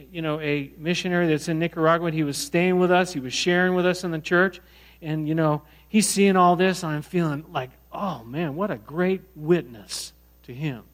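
A middle-aged man preaching a sermon, telling a personal story in a conversational, animated way with many restarts. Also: high voice. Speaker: pastor.

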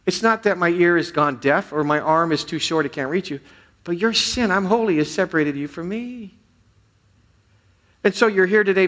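Earnest man preaching a sermon. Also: a little high. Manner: earnest, swings between loud pleading and hushed prayer. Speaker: pastor.

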